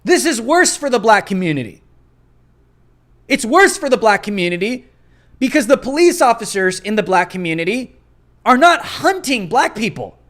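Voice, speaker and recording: A man's voice: extremely high pitch, fairly bright tone. A man hosting his own show, delivering combative, emphatic political commentary and hammering points through repetition. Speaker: host.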